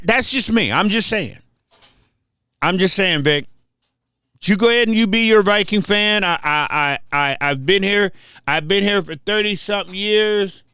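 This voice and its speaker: A man's voice: high voice, bright, forceful tone, smooth, no echo, studio quality. An older man hosting a livestream, ranting casually and trash-talking viewers, often repeating his words. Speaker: livestream host.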